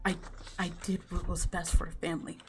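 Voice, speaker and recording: A woman's voice: lowish voice, little pitch movement, fairly quick, slight background noise, lightly acted. Lady doing a meek dad, unsure, stammery. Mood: resigned. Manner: hesitant, lacking confidence. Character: meek, conflicted father.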